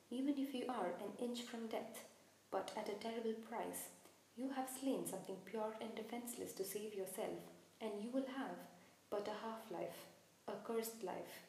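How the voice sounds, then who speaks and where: A woman reading a solemn young male centaur from a storybook, earnest and protective, in a mellow voice. The voice rings through a very echoey room with a faint hiss underneath. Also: fairly high pitch, natural voice.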